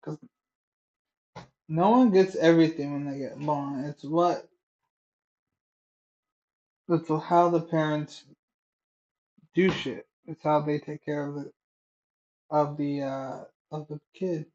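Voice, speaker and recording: A man streaming live, reacting in a heated, profane rant that keeps bursting into shouting. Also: on the high side, steady tone, slow, long pauses, lo-fi sound.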